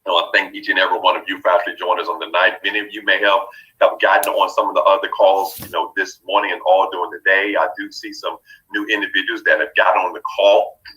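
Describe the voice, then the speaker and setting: A man's voice: deep voice, little pitch movement, fast talker, sharp tone, highs cut off. A man hosting a business conference call, greeting people as they join with repeated upbeat thanks. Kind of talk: welcoming callers before a live call.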